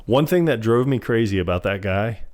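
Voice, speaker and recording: A man's voice: lowish voice, normal speed. A man co-hosting a podcast, chatting casually and animatedly about a film's scenes. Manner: animated, acts out lines from scenes. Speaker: podcast co-host. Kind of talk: casual movie recap chat.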